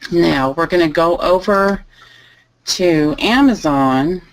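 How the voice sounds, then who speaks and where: A woman teaching a live online lesson, calmly thinking aloud as she types through each step. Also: fairly low pitch, slow pace, slight background noise, low-quality recording. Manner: relaxed, thinking aloud while typing. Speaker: online selling instructor. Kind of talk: live screen-share tutorial.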